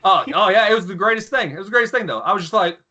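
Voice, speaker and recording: A man in his thirties, a former Marine guest on a podcast, telling crude stories in a casual, animated way and sometimes mimicking shouting officers. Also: high-pitched, rapid-fire, a crowd in the background. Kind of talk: casual storytelling.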